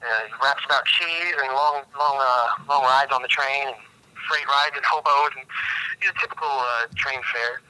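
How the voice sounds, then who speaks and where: Bright deadpan man spinning absurd jokes. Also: mid-range voice, moderate pace, smooth, no room sound, poor audio. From United States, Pacific Northwest. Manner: deadpan, absurd joking with hesitant restarts. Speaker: podcast guest. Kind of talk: comedic podcast interview.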